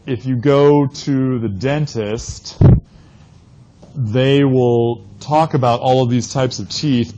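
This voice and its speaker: A man lecturing an anthropology class. He tells a long anecdote in an animated way and often ends his statements with "right?". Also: medium pitch, low-quality recording.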